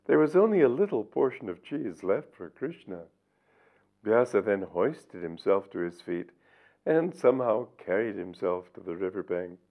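A man's voice: fairly low pitch, very animated, normal speed. An older man, a spiritual teacher, reading aloud from his book and commenting in a reflective storytelling manner. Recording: tinny lo-fi recording.

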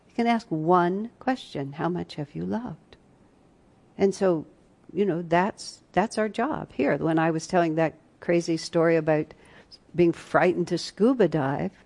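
Woman teaching a retreat class, lowish warm voice, chatty storytelling, lots of restarts. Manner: conversational storytelling, many restarts, shifts between soft and loud. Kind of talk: spiritual class talk, storytelling.

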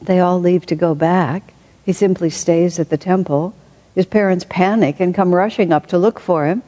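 A woman reading aloud from a spiritual book and adding her own reflective commentary, thinking aloud with soft laughs. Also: fairly low pitch, fairly even intonation, moderate pace, rough recording.

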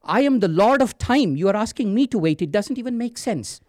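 A man's voice: high-pitched, lively intonation, a little fast, darkish tone, no room sound, studio quality, voice pushed up. A man voicing Yama, harsh god of death. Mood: flustered. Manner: imperious, mocking.

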